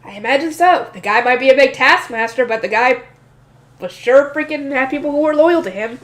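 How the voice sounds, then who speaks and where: A woman's voice: sits high, a little fast, a bit bright. Slightly nasal woman reading a novel. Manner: chatty asides, emotional, some stumbles. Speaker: audiobook reader. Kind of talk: casual light novel reading with asides.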